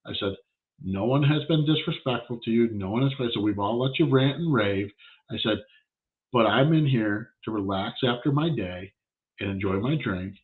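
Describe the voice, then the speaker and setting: A man's voice: fairly low pitch, normal speed. A man hosting his own show, telling a story in a blunt, plain-spoken casual monologue. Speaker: podcast host, shop owner. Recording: tinny phone-like sound.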